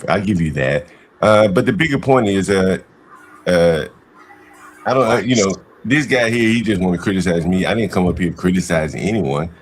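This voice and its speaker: A man's voice: deep voice, normal speed, slight background noise. A man in a heated online voice-chat argument, hurling insults and often repeating himself and restarting his sentences. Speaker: panel guest in an online voice-chat debate.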